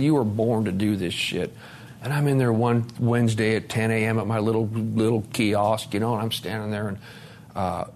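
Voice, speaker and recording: A man in his forties giving a recovery testimony at a conference, storytelling in a lively, profane way, swinging from loud to soft. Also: mid-range voice, a little hiss or hum. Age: 40s. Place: conference hall talk.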